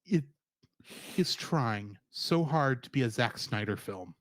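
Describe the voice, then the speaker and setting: A man's voice: medium pitch, animated, takes it slowly, dry recording, studio quality. A man co-hosting a podcast, chatting casually and animatedly, slipping into jokey put-on accents. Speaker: podcast co-host. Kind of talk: casual chat.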